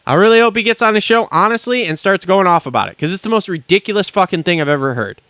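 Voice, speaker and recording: A man's voice: sits high, expressive, quick pace, a bit bright, no echo. A man hosting a podcast from a studio, ranting in a blunt, profane and indignant way. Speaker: podcast host. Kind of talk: heated podcast rant.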